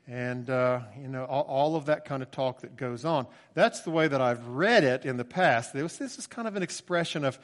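A man's voice: mid-range voice, normal speed, hardly any pauses, in a large hall. A man preaching a sermon in an earnest, reflective way, reading scripture aloud and explaining it.

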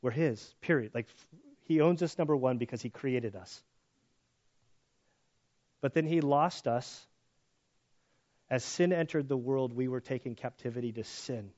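A man's voice: medium pitch, measured pace, pauses often, darkish tone, lo-fi sound. A man teaching through a Bible passage in a casual, conversational way, acting out voices in the story as he goes. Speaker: pastor.

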